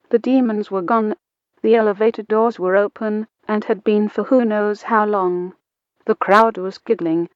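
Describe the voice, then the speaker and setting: A woman reading a first-person short story aloud in a slow, deliberate way, acting out the quoted lines. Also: mid-range voice, no room sound. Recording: dull, muffled lo-fi recording.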